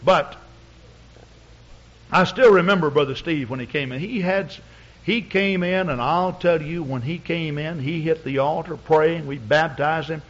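A man's voice: a little high, measured pace, a bit bright. A man preaching as a pastor, telling a story in a folksy, rambling way with many fillers. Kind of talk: storytelling sermon. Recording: dull lo-fi recording.

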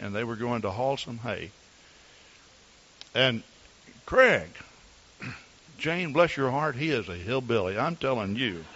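A man's voice: medium pitch, a bit bright, muffled recording. A man preaching as a pastor, telling folksy, earnest stories about his wife to his congregation. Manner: folksy, storytelling, earnest asides. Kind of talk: sermon with personal stories.

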